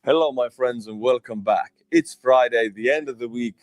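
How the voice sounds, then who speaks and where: A man's voice: medium pitch, moderate pace, no echo. A man giving a friendly, conversational news commentary. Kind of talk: video commentary.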